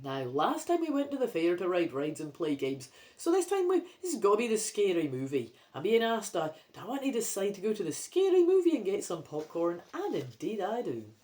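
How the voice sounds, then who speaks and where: A woman's voice: medium pitch, big pitch swings, fairly quick, few pauses, warm tone. A Scottish woman reading a choose-your-own-adventure book aloud, with playful, self-mocking asides between passages.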